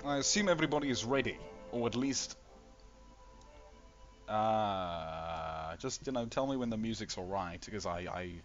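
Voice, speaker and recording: A man's voice: fairly low pitch, lively intonation, measured pace, long pauses. A man hosting a game tournament livestream in a casual, playful way, reading chat aloud and answering it. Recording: slightly dull stream mic with faint music. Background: faint background music.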